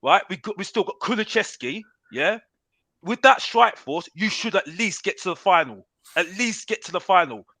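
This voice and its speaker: Man, ranting football pundit, sharp bright tone, dry sound. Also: sits high, expressive, normal speed, dry recording. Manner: ranting, repeats "bruv" constantly. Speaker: panelist on a football talk show. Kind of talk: heated football debate.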